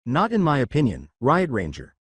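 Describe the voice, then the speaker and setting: A man reading as a smug villain who smiles while he threatens, speaking softly and mockingly. The voice swings up and down, and the recording is close and dry. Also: medium pitch, huge pitch swings, normal speed, breathy edge, dry recording. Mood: menacing. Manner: smiling, mocking, soft-spoken threats. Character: smug menacing male villain posing as a waiter.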